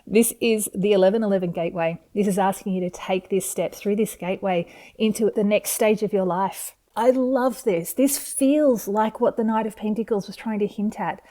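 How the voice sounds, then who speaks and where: A woman's mellow, relaxed voice reads tarot cards for her viewers. She speaks in a gentle, encouraging way and sounds openly excited about each card. It comes across as a home video made in front of a camera. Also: medium pitch, normal speed. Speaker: tarot reader.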